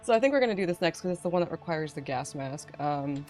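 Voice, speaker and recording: A woman's voice: low-pitched, animated, fast, darkish tone, soft background music. A woman hosting a casual game stream, chatting with a guest and reading chat aloud with frequent laughter. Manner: bubbly, laughs often, reads chat aloud. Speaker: streamer host.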